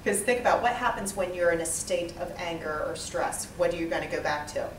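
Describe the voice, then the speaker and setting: A woman leading a small interactive training session, lively and quizzing the group. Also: on the low side, brisk, a little hiss or hum. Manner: lively, asks the group questions, acts out types. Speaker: workshop trainer. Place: small training room with a few participants. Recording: echoey room, mic far off.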